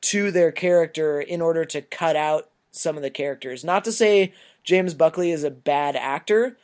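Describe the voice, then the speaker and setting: Higher-voiced man rambling through a movie review. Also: moderate pace, a little mellow, smooth. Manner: loose, rambling, swears freely. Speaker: podcast co-host. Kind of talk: casual movie review chat.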